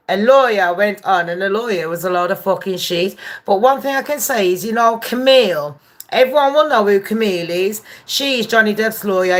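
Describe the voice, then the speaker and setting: A woman hosts a casual gossip live stream in an unhurried, drawn-out voice. She swears freely and stops to greet viewers by name. Her pitch sits in a middle range. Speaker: gossip channel host.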